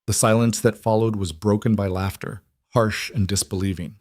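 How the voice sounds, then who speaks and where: Guy narrating a story audiobook, low voice, dry close sound, steady. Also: no room sound. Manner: even, measured storytelling.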